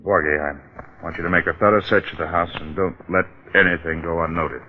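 A man's voice: low-pitched, fairly even intonation, slight background noise, natural voice. A man playing a probing police detective. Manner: measured, probing questions. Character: shrewd male police detective, polite but probing. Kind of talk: 1940s radio acting. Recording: tinny old radio broadcast.

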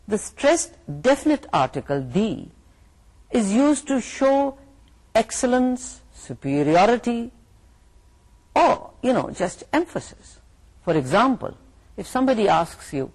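Slow, lively-toned Pakistani woman lecturing. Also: medium pitch. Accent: Pakistani English. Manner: slow, deliberate, repeats and rephrases points. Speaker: university English lecturer. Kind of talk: recorded lecture.

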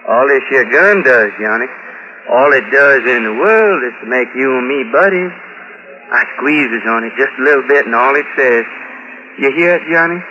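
An actor playing a drunk, wheedling small-time crook in a 1940s radio drama, with a slurred drawl. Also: male voice, mid-range voice, moderate pace, sharp tone, natural voice. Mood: menacing. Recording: dull old radio recording with background noise.

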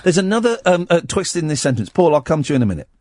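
A man's voice: on the high side, very animated, racing, a little mellow, dry recording. A man hosting a late-night radio show, reading a tabloid story aloud with wry, mock-dramatic asides into a studio microphone.

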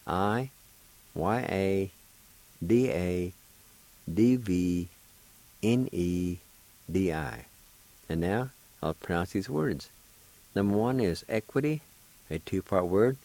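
A man's voice: low voice, a little mellow, poor audio. A man hosting a radio language lesson, patiently spelling and pronouncing words syllable by syllable. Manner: encouraging sign-off. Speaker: language teacher and radio host.

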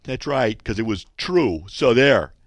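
A man's voice: medium pitch, animated, a little slow, no room sound. A man imitating a smug, stubborn letter writer in a mocking, singsong way. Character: smug stubborn man defending his email.

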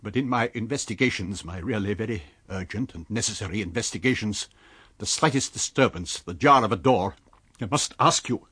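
A man's voice: fairly low pitch, a little fast, bright, forceful tone, slightly rough, dry recording. A man doing a snappish, explosive stranger. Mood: exasperated. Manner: snappish, clipped outbursts. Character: irritable secretive male stranger, explosive.

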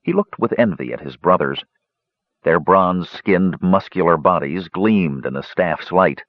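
A man narrating an audiobook with expressive storytelling. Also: deep voice, unhurried, no room sound. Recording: dull lo-fi recording.

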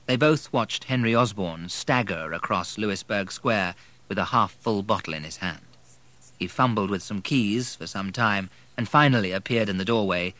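A man reads a novel aloud in steady, measured narration. His voice is bright and sits a touch low. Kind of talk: audiobook narration.

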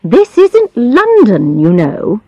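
A woman's voice: a little high, huge pitch swings, slow, warm tone, slightly rough, dry recording, highs cut off, pitched above the performer's own voice, heavily acted. A woman voicing a sickly, scornful older rich woman who complains without end, in a storybook reading. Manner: whiny, scornful, petulant.

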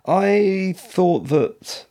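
A man hosting a review show, talking through his opinions in a measured, dryly critical way. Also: sits high, expressive, warm tone. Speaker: podcast reviewer. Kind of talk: solo review commentary.

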